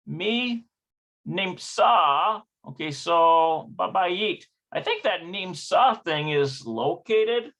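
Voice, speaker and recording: A man's voice: high voice, bright, forceful tone, muffled recording. A man working through a textbook lesson aloud, hesitant and self-correcting as he sounds out words. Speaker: language learner teaching from a textbook. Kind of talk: thinking-aloud study session.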